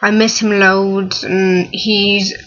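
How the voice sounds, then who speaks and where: A young woman in her early twenties, close to tears, talking haltingly with many fillers and restarts in a personal vlog. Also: medium pitch, flat delivery, fairly bright tone, muffled recording. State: on the verge of tears. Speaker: vlogger.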